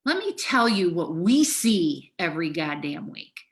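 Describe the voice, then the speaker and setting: A woman's voice: fairly low pitch, very animated, unhurried. A middle-aged woman therapist talking frankly and emotionally on a podcast, swearing freely. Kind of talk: casual podcast conversation.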